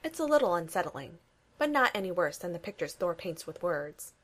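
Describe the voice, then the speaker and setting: A woman reading a fan fiction story aloud in a wry, even storytelling manner. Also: on the low side, brisk. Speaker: reader.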